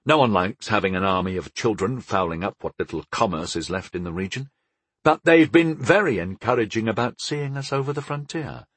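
A measured, diplomatic young male apprentice smooths things over, voiced by a male narrator. He speaks calmly in a lightly husky voice, recorded close and dry. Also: lowish voice, no room sound.

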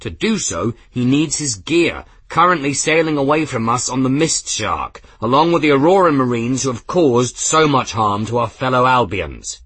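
A man's voice: low-pitched, brisk, slightly rough, no room sound, voice pushed down. A male narrator voicing a stern airship captain who gives authoritative, clipped orders, in an audiobook reading.

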